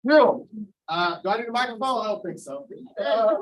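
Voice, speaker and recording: A man accepting an award, speaking haltingly and with feeling in casual slang. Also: sits high, lively intonation. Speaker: award recipient giving a speech. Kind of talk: emotional acceptance speech. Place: large hall. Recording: echoey hall, voice from far off.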